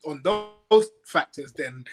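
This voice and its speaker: A man's voice: on the high side, expressive, takes it slowly, music in the background. A man on a football debate panel, blunt and reasoning aloud.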